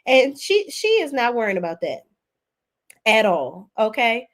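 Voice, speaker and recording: A woman's voice: fairly high pitch, sing-song, measured pace, a bit bright. A woman, hosting a casual live stream where she reads viewer comments aloud and reacts with chatty gossip. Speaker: YouTube host reading live chat.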